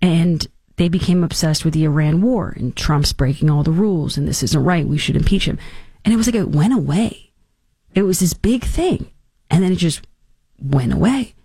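A woman hosting a talk show, giving casual political commentary in a sarcastic, mocking and animated way. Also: low-pitched, moderate pace, breathy edge, dry recording, studio quality.

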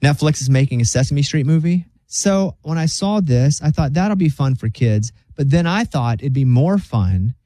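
A man's voice: a little high, normal speed, few pauses, no room sound. A man hosting a radio show, chatting casually and joking as he reads stories out. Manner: joking, animated storyteller who slips into silly voices.

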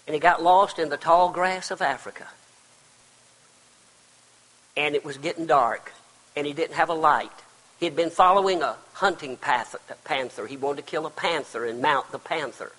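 An older man preaching a sermon as pastor, swinging between loud cries and hushed, quiet passages. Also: fairly high pitch. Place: church sanctuary. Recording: long reverb of a large hall.

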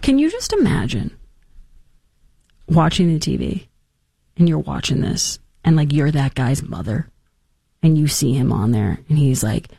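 A woman in her thirties hosting an opinionated talk show, animated and mocking in her delivery. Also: deep voice, a little slow, gravelly, long pauses, breathy edge, no room sound, clean studio sound. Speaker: host.

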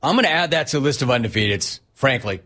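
A man's voice: medium pitch, expressive, quick pace, sharp tone. A middle-aged man hosting a sports talk radio show, delivering a brash, punchy monologue. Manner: brash, punchy, mocking quotes in a whiny voice.

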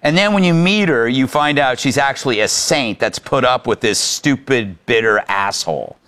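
A man's voice: mid-range voice, animated, normal speed, a bit bright. Sarcastic male talk-show host. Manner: mocking, punchy delivery. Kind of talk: sarcastic political commentary.

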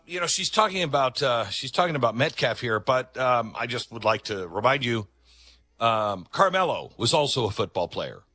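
Emphatic man, lively bright voice. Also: mid-range voice, no echo. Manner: emphatic, conversational, with dramatic pauses. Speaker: talk show host. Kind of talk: commentary monologue.

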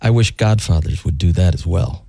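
A man's voice: sits low, normal speed, vocal fry, mellow, dry recording, clean studio sound. A man co-hosting a radio show, reading out listener messages and joking in casual chat.

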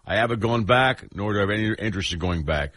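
Deep husky laid-back male radio host. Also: fast talker, a bit bright, no echo. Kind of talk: casual radio talk, reading listener messages.

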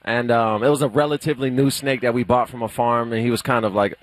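A man's voice: medium pitch, fast talker, rough recording. A male guest on a radio show, telling stories casually with lots of "like" fillers. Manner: relaxed storytelling, many "like" fillers. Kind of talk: casual conversation.

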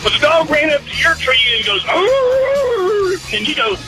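A man's voice: extremely high pitch, quick pace, loud music behind the voice, poor audio. A man calling into a radio show and telling a rambling folksy story. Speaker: caller. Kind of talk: storytelling on a call-in line.

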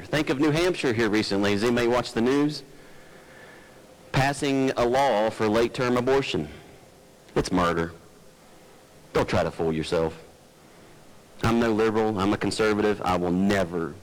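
A man's voice: fairly low pitch, rough recording. A male pastor preaching a sermon in an earnest, folksy way, climbing to emphatic peaks and then easing into personal stories.

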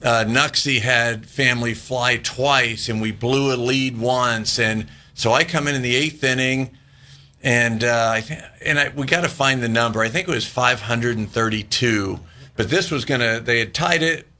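Bright-voiced former ballplayer telling stories. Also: male voice, medium pitch, moderate pace. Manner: animated anecdotes, laughing often. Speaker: former baseball player, guest. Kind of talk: casual storytelling interview.

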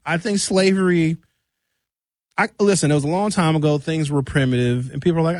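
A man from Milwaukee, hosting a comedy radio show. He rambles and jumps animatedly between high and low pitch. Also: steady tone, brisk, no room sound, clean studio sound. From Milwaukee, USA. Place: radio studio.

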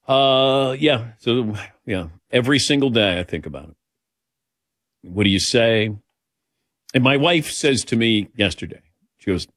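A middle-aged male radio host chats with callers in a casual, rambling, self-deprecating way. His pitch rises and falls a great deal as he talks. The studio sound is close and dry. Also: animated, measured pace, a bit bright, dry recording. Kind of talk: casual talk radio chat.

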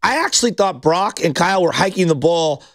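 A man's voice: sits high, expressive, brisk, dry recording. A man hosting a sports talk show, talking in a rambling, passionate way with frequent restarts. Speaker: sports radio host.

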